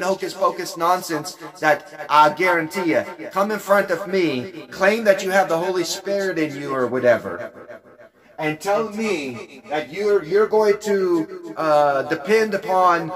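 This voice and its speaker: Man preaching, swearing and combative, fairly high voice, crowd noise behind. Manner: blunt, profane and combative, repeating points emphatically. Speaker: religious teacher. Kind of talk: profane preaching rant.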